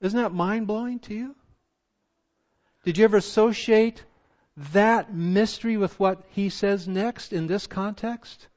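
A man preaching a sermon as pastor, full of passion and rhetorical questions, his voice swinging from loud to hushed. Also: high voice, fairly even intonation, measured pace, muffled recording.

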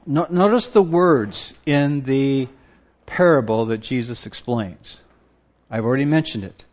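A man preaching a sermon, slow and emphatic, often stopping to ask his listeners questions and repeating his words. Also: mid-range voice, a little mellow, dull audio.

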